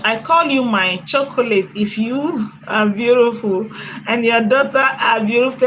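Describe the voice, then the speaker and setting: Bright-voiced woman hosting a livestream. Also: sits high, moderate pace, slight background noise, rough recording. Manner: emphatic, repeats phrases, thanks viewers by name. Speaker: livestream host. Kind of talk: casual livestream chat reading comments.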